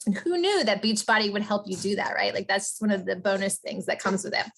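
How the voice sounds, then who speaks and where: A woman coaching business owners in a casual, energetic motivational talk, chatty and emphatic. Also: mid-range voice, fast talker, vocal fry. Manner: energetic, chatty, often asks "right?".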